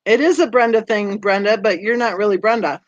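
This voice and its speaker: A woman hosting a true crime channel, chatting with viewers and reading their comments, conversational and quick to laugh. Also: medium pitch, dry recording, highs cut off. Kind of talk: livestream chat reading comments.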